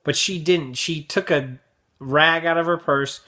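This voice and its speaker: A man's voice: a little high, measured pace, pushed and bright. A young man hosting his vlog, telling crude, exaggerated stories in a brash comedic rant. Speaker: vlog host.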